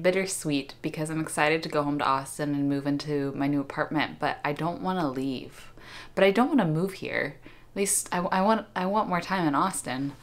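A young woman, chatting casually to camera in a vlog, upbeat and full of "like"s. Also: deep voice. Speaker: vlogger.

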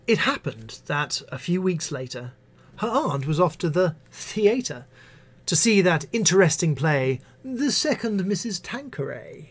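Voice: medium pitch, sing-song, a little slow. An English teacher on a live stream, reciting favourite poems theatrically and adding wry asides. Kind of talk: live-stream poetry reading.

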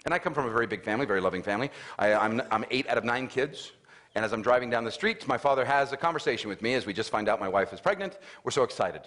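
Animated man telling a family story. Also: mid-range voice, rapid-fire. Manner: animated storyteller, acts out his father's lines with raised voice. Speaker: motivational speaker. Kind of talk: storytelling talk to an audience.

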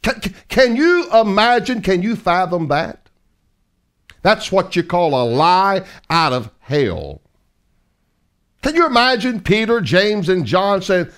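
High-voiced fiery male preacher. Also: very animated, slow pace, fairly bright tone. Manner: emphatic, mocking, rhetorical questions. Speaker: evangelist preacher. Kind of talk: fiery sermon.

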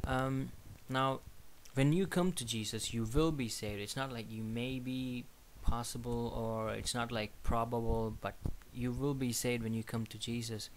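A man giving casual religious commentary, talking haltingly with frequent restarts and fillers. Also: medium pitch, steady tone, slight background noise. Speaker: video commentator.

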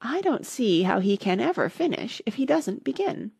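A woman's voice: on the high side, sing-song, normal speed, gravelly, darkish tone, slightly rough, dry recording, studio quality, voice pushed up, heavily acted. A woman voicing a polite, curious young girl in a storybook reading, asking questions in a raised voice.

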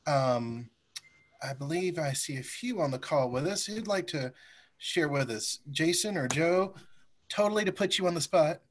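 A man with a somewhat high voice hosts a church forum over a video call. He talks in a friendly, coaxing way as he calls on participants to share. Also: animated, moderate pace. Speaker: forum host.

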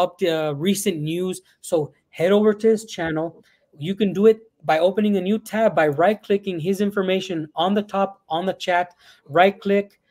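Male livestream host, high voice, chatty and upbeat, reads chat questions aloud. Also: darkish tone.

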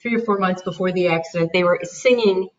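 A woman's voice: on the low side, fairly quick. A woman, a mother, telling her family's story in an interview and acting out what people said. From United States. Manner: animated retelling with quoted dialogue and light laughs. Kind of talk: conversational storytelling. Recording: distant, dull lo-fi recording.

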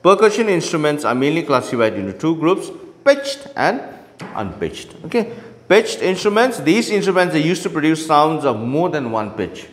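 A man's voice: on the high side, very animated, normal speed, in a large hall. A male teacher explaining a lesson in an online class, often checking in with "okay" and "right?".

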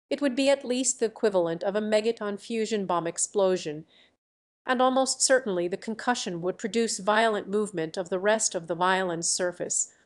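Woman narrating an audiobook. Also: medium pitch. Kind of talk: audiobook reading.

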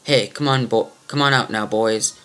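A man's voice: lowish voice, steady tone, moderate pace, fairly bright tone, soft background music, lightly acted. A man voicing a crude, bossy male bandit leader barking orders at his gang.

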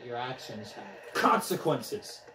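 A young man giving casual commentary on a motion game he is playing, excitable and trash-talking, out of breath as he swings a controller. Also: medium pitch, a little slow, slight background noise. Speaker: gaming vlogger. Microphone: camera mic from a few steps away. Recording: echoey room, distant from mic.

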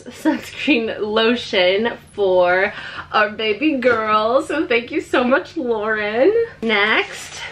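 Young female vlogger, high-pitched, unhurried, gushing delivery, faint room hiss. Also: fairly bright tone. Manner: gushing, emotional, frequent "like" fillers. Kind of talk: casual haul vlog.

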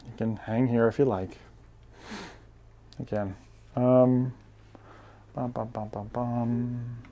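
A man's voice: medium pitch, little pitch movement, slow pace, highs cut off. A man streaming a VR game, chatting casually and reading viewer messages aloud. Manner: rambling, chatty, reads chat aloud. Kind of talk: casual live-stream chat.

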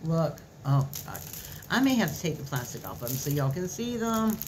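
A woman's voice: sits low, sing-song, moderate pace, a little hiss or hum. A woman, chatting in a gushing, folksy way as she shows off craft supplies in a haul video. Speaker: craft vlogger. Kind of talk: casual haul video chat. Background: faint crinkling of plastic packaging.

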